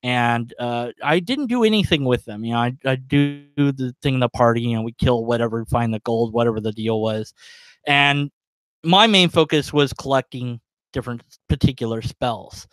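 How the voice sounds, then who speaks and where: A man's voice: medium pitch, moderate pace, no echo. A man telling a long, rambling story on his livestream, chuckling as he goes, full of fillers. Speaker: livestream host. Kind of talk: casual storytelling.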